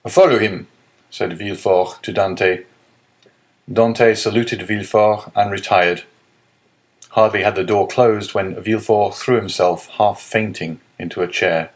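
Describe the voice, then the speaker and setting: A man narrating a classic novel in a steady, measured reading. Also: lowish voice. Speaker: audiobook narrator. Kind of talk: scripted narration.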